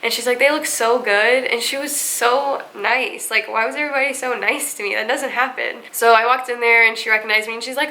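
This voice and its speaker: A young woman telling a story casually in a vlog, chatty and animated, using a lot of "like" and acting out other people's lines. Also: on the high side, brisk, few pauses, poor audio. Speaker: vlogger.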